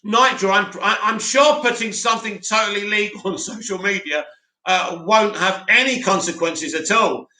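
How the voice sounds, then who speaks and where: Man, sore throat, high voice, very bright tone, blunt livestream host, roomy echo. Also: moderate pace. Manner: blunt, opinionated, reads comments aloud. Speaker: livestream host reading chat. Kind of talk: casual livestream commentary.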